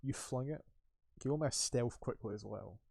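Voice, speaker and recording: A man's voice: mid-range voice, brisk, creaky, mellow, dry recording, studio quality. A man narrating as game master in a tabletop game, rambling and full of filler words.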